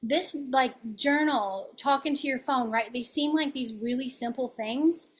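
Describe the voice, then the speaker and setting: A woman's voice: sits high, a little slow. A woman life coach speaking as a podcast guest in a chatty, casual way, often asking "right?".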